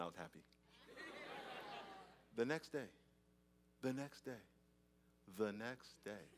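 A male pastor preaching a sermon, telling stories with acted-out scenes, often repeating and restarting his words. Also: lowish voice. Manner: animated storytelling, acts out scenes.

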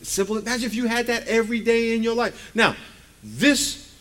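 High-voiced man preaching with humor. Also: a little fast. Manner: lively, joking, asks the congregation rhetorical questions. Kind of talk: conversational sermon. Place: church.

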